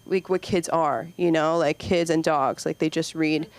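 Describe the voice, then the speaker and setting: A woman's voice: sits low, fairly even intonation, moderate pace, darkish tone. A young woman performing a rambling, self-deprecating stand-up set on a comedy club stage, peppering her talk with "like" and "you know.".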